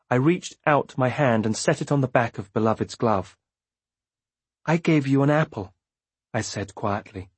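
A man reading an audiobook in measured, first-person narration. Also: mid-range voice, husky, no room sound. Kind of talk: scripted narration.

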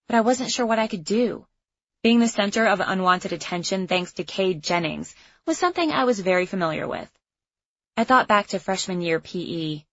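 Woman reading a teen novel out loud, wry, dry and slightly muffled sound. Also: mid-range voice, animated, normal speed, no echo. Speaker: audiobook narrator. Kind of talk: first-person audiobook narration.

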